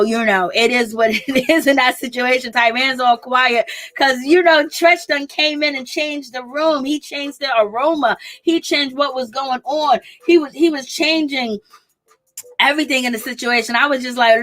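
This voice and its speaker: A woman talks straight to her viewers, walking them through the latest episode of a reality series. Her voice sits a little high. She tells the story with energy, slipping into the cast's lines and breaking off with exclamations of disbelief. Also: moderate pace. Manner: animated storytelling, quotes cast members, exclaims. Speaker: reality TV recap host. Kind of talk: casual chat recapping a show.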